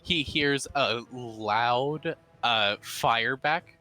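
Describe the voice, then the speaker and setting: Male game master, slow narration, bright tone, stammering restarts. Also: medium pitch.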